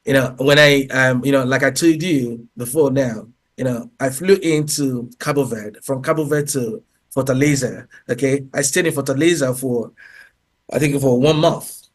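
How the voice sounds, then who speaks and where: A man's voice: mid-range voice, moderate pace. A man speaking as a guest in an interview, talking emphatically and peppering his answers with "you know" and "okay". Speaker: guest speaker, English teacher.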